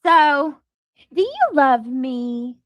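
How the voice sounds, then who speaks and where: A woman's voice: sits high, big pitch swings, very slow, fairly bright tone, no echo, voice pushed up, full character voice. A woman mimicking a smug, boastful mother with a gloating, sing-song voice.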